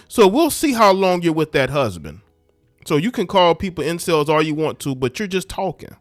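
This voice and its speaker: A man's voice: a little high, sing-song, normal speed, no room sound, studio quality, soft background music. A man hosting a commentary show, ranting scornfully and preaching straight at his listeners. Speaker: commentary channel host. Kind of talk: ranting social media commentary.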